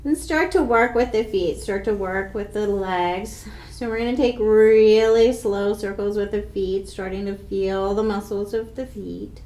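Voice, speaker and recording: A woman guiding a yoga class with slow, calm, soothing instructions. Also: mid-range voice, reverberant.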